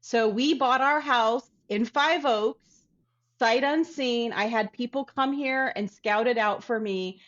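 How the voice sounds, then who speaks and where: A woman artist from Ohio telling a story in a casual interview, chatty and animated. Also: a little high, slow pace, highs cut off. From Dayton, Ohio. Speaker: artist guest.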